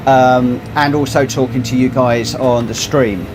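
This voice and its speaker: A man hosting a racing game stream, talking in a loose, rambling way. He thinks aloud and chats to his viewers in a plain, mid-pitched voice. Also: moderate pace, noisy background. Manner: chatty, rambling, thinks aloud while adjusting settings. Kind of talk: casual live-stream chat while gaming.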